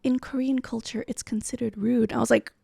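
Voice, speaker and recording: A woman co-hosting a podcast, telling a story in casual chat, animated and swearing as she acts out quotes. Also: fairly high pitch, fairly quick, creaky, husky, no echo, studio quality. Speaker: podcast co-host.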